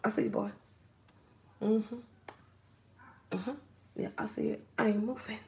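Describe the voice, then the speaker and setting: A woman's voice: mid-range voice, steady tone, a little slow, darkish tone, slight background noise. A woman giving a spiritual reading straight to the listener, preachy and often dropping into a whisper. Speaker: psychic reader.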